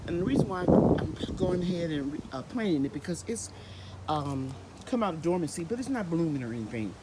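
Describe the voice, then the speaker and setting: A woman's voice: lowish voice, sing-song, brisk, background noise. A woman hosting a gardening vlog outdoors in her home garden, chatting and explaining each step as she works. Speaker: gardening channel host. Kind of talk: casual vlog narration.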